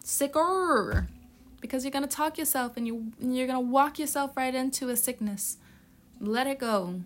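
A woman's voice: high voice, moderate pace. A woman doing a casual tarot reading in a blunt, profane, tough-love way, with a youthful-sounding voice. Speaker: tarot reader.

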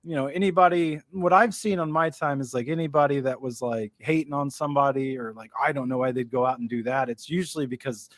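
A man's voice: medium pitch, quick pace, hardly any pauses, dry recording, clean studio sound. A man co-hosting a podcast, talking in a laid-back, slangy way and swearing casually. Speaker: podcast co-host. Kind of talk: casual chat.

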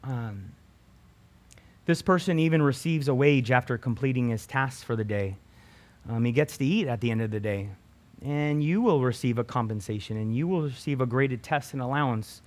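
A man's voice: mid-range voice, normal speed. A man teaching a Bible passage to students in a casual sermon, often tagging his sentences with "right?" and restarting phrases. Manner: keeps adding "right?" tag questions; conversational, with restarts.

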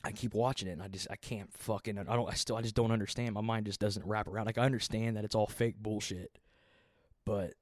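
A man's voice: lowish voice, fairly even intonation, fairly quick, no echo, studio quality. Profane rambling man in his thirties. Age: 30s. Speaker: podcast host. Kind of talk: casual solo ranting.

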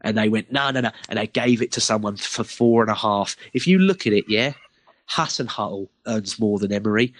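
A man's voice: lowish voice, normal speed. A man on a casual football podcast, arguing insistently and laughing as he makes his case. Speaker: podcast co-host.

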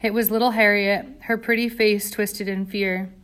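A woman's voice: medium pitch, flat delivery, normal speed, a bit bright. Woman reading a tense audiobook. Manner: tense, dramatic storytelling. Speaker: audiobook reader. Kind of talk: scripted audiobook narration.

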